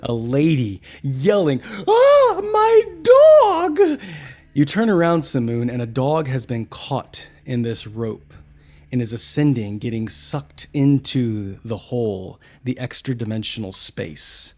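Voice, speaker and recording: A man's voice: mid-range voice, unhurried, dark tone. Man narrating as game master. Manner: theatrical, descriptive narration.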